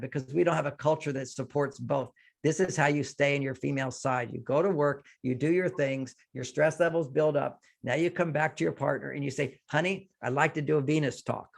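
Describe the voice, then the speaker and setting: An older man who writes about relationships gives advice in a conversational interview, his voice a little high and creaky. He explains by acting out example lines.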